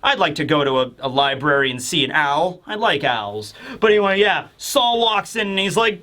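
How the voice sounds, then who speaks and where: A man hosting a casual manga chapter review, rambling with lots of fillers and dropping into quick voices for the characters. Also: on the high side, very animated, pushed and bright.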